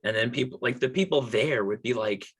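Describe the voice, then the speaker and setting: A Texan podcast co-host with a husky, mid-range voice talks a little fast about politics. His chat is casual, emphatic, loose and profane.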